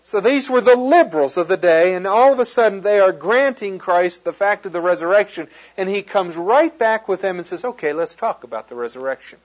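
A man preaching a sermon, reading scripture aloud and breaking off with excited asides and jokes. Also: sits high, brisk, hardly any pauses. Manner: animated, quoting scripture and joking with the audience. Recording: dull lo-fi sound.

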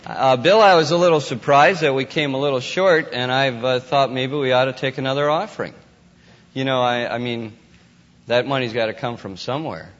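A man's voice: normal speed, slight background noise. Man preaching in a lo-fi hall. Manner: folksy, rises to excited high voice in anecdotes. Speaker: conference speaker. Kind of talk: informal sermon. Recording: dull lo-fi audio in a hall.

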